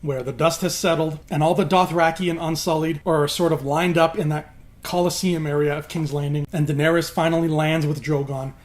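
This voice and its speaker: A man casually retelling a TV plot to his viewers, animated and swearing freely as he goes. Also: fairly high pitch, a little fast. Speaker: YouTube host.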